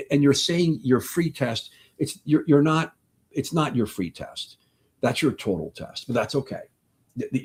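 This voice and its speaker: A man in his sixties gives a live question-and-answer talk as a doctor. His voice is very husky and raspy, and its pitch rises and falls a lot. He speaks with passion and rambles, often breaking off and restarting his sentences. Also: a little mellow. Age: 60s.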